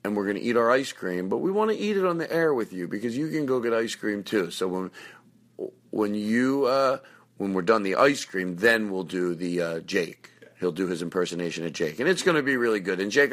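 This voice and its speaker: A man's voice: fairly low pitch, fairly quick. A man hosting a podcast from a hotel room, chatting casually and joking around. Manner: rambling, joking, animated. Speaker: podcast host. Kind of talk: casual chat.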